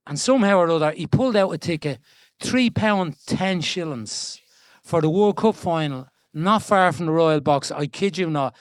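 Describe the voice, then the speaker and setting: A chatty older Irish man from Dublin, in his seventies, speaks at a moderate pace in a high voice. As a guest being interviewed on stage before an audience, he tells stories animatedly, often restarting and laughing. The recording is dry.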